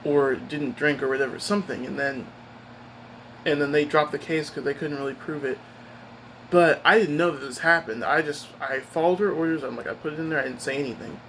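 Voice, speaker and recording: Male vlogger, higher-pitched voice, aggrieved rambling delivery; faint air conditioning hum. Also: steady tone, brisk, fairly bright tone, low-quality recording. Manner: rambling, upset retelling with many restarts. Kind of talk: casual personal storytelling.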